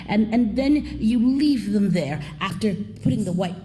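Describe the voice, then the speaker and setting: Expressive woman storyteller, low mellow tone. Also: a little slow, hardly any pauses. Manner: expressive, swoops in pitch, drops to a hush. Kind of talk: live storytelling performance. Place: theater stage before an audience.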